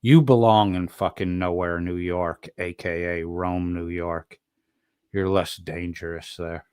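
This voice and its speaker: A man's voice: low-pitched, fairly even intonation, a little slow, darkish tone, clean tone, dry recording, clean studio sound. A man streaming profane, mocking commentary, swearing constantly and throwing insults at someone in a clip.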